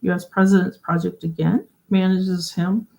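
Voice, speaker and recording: A woman's voice: on the low side, level tone, moderate pace, vocal fry, dark tone. A woman hosting a casual livestream. She explains things in a chatty way and often asks her viewers questions. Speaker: host of a genealogy livestream.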